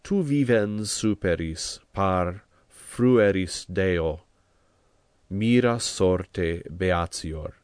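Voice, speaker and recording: A man singing a Gregorian chant melody on his own, slow and unaccompanied. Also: low voice, darkish tone, clean tone, dry recording.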